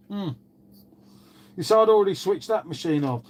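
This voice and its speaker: Brief: man, casual live-stream host, gutted and sweary, voice sits a touch high. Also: animated, moderate pace. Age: older. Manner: glum, swears often, addresses viewers as mate. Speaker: channel host. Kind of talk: casual live chat to viewers.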